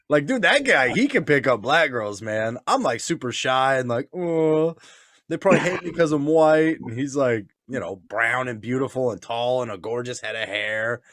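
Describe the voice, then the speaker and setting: A man's voice: medium pitch, expressive, moderate pace, a bit bright. A man co-hosting a casual, boozy podcast chat, crude and laughing, who slips into goofy voices when he quotes people. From Nebraska, US. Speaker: podcast co-host. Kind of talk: casual drunk banter.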